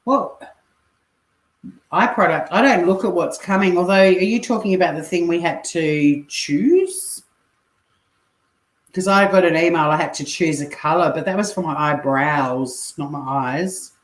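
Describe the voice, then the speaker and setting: An Australian woman hosts a casual livestream from her home kitchen while cooking, chatting away, swearing casually and reading viewers' comments aloud. Her voice is on the low side and unhurried, in an echoey room.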